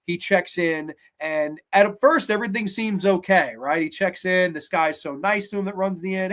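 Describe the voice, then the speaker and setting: A man hosting a horror movie show, retelling a film's plot in an energetic, animated way with fillers. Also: high-pitched, normal speed, few pauses. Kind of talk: casual movie review.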